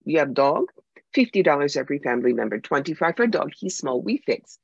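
A woman's voice: low-pitched, very animated, a little fast, vocal fry, breathy edge, no echo, full character voice. A woman voicing a greedy fake fortune-teller woman in a bad put-on foreign accent and broken English. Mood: wheedling. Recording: dull lo-fi sound.

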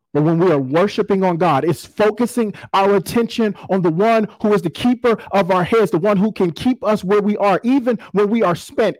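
A man's voice: sits high, darkish tone, no echo, rough recording. A man, preaching a sermon in a folksy, conversational storytelling way. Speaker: pastor.

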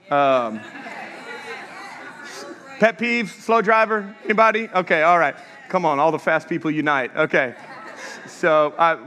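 High, bright-voiced preacher in an echoey hall. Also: male voice. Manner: humorous, storytelling, engages the audience with questions. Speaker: pastor. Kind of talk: sermon. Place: church sanctuary.

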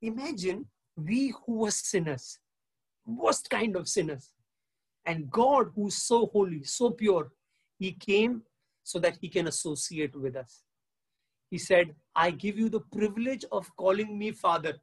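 A pastor delivers a sermon in a fairly high, husky voice. He keeps turning to his listeners with questions and slips in Hindi phrases along the way. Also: lively intonation, unhurried, low-quality recording. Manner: engaging, asks the congregation questions.

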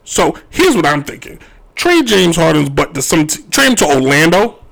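A man hosting a sports talk radio show, ranting his opinions in an animated, joking way. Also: on the high side, moderate pace, vocal fry.

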